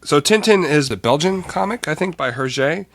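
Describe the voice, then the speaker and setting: A man's voice: on the high side, expressive, moderate pace, a bit bright, a little hiss or hum. A man co-hosting a podcast, chatting casually, hesitant with many fillers and easy laughs. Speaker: podcast co-host. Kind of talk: casual chat.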